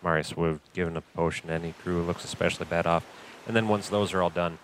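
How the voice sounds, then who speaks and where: A man's voice: deep voice, steady tone, fast, a little hiss or hum. A man narrating actions in a tabletop role-play, matter-of-fact.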